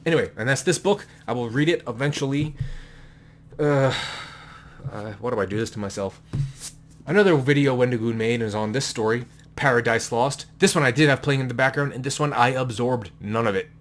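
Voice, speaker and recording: A man's voice: medium pitch, fairly quick. A man chatting casually to the camera at home, rambling and correcting himself as he goes, with an offhand, slightly crude manner. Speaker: vlogger showing his book collection. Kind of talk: casual chat. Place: indoors at home with a noise in the room. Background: a distracting noise in the room.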